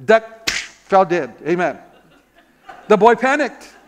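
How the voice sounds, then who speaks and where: High-voiced man preaching a sermon. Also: big pitch swings, takes it slowly. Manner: storytelling with rhetorical questions and calls of amen; repeats words when searching for them. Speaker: pastor.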